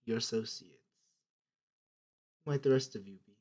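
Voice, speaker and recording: A man's voice: medium pitch, moderate pace, darkish tone, slightly rough, voice pushed down, natural voice. A man doing a courteous blind old wanderer. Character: blind old male wanderer, calm and worldly.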